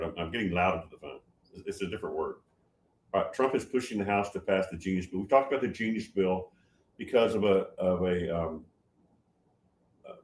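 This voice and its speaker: A man in his seventies hosting a casual livestream, reading viewer comments and answering them, getting loud and excited with many restarts. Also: sits low, reverberant, slight background noise. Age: 70s. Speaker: livestream host answering chat.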